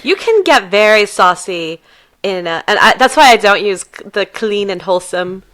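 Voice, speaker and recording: A woman's voice: medium pitch, animated, moderate pace, fairly bright tone. A woman co-hosting a podcast in casual chat, who laughs easily. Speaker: podcast co-host.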